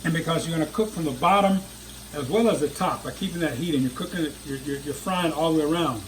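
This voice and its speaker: In his home kitchen, an older man hosts a cooking show, chatting enthusiastically to viewers while demonstrating a recipe and frying food. His voice is slightly high and he talks quickly. The recording is rough, with a sizzling pan and kitchen sounds in the background.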